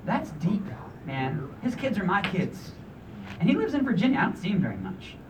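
Animated preacher man, high lively voice. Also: moderate pace, noisy background. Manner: animated, conversational and emphatic. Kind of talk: sermon. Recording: voice from a distance with faint room ambience.

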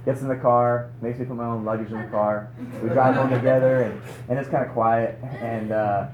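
A young man preaching a sermon at a conference, telling a story with lively rhetorical questions. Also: medium pitch, normal speed, phone-quality sound, a crowd in the background. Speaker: conference speaker. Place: conference hall. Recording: roomy hall echo.

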